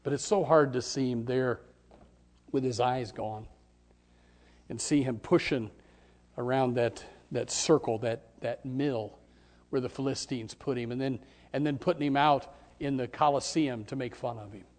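A man preaching a sermon, swinging from hushed, almost whispered lines to shouted climaxes, repeating words in bursts. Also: mid-range voice, a little slow.

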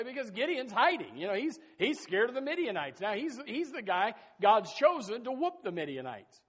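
A man preaching a sermon as pastor, emphatic and folksy, swinging between loud bursts and soft asides and repeating his phrases. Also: very high voice, big pitch swings, normal speed, hardly any pauses, slightly rough. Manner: folksy, addresses listeners as folks and says amen.

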